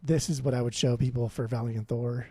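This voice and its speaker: A man co-hosting a podcast, arguing his music picks in a casual, animated, opinionated way with frequent swearing. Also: medium pitch, brisk, slightly rough, no echo. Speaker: podcast co-host. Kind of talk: casual chat about music.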